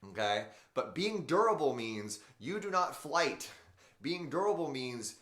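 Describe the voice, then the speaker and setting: A man's voice: fairly high pitch, very animated, a little slow, fairly bright tone. A man hosting an unscripted motivational live stream, speaking emphatically, swearing and talking to his viewers. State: in pain, wearing back brace. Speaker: motivational show host. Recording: roomy echo.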